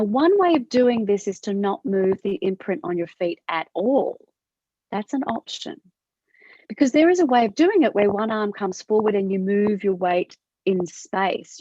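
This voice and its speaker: An Australian woman leads a movement class over a video call from her computer, posing gentle questions with a rising, upward lilt. Her voice is mid-range, and the dry audio has the dull, lo-fi quality of a video call.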